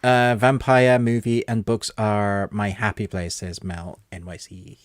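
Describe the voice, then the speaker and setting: Low-voiced man hosting a casual podcast. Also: flat delivery, unhurried, clear, resonant tone, no echo, studio quality. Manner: chatty and enthusiastic, with frequent laughs. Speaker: podcast co-host. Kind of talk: casual chat, reading out viewer comments.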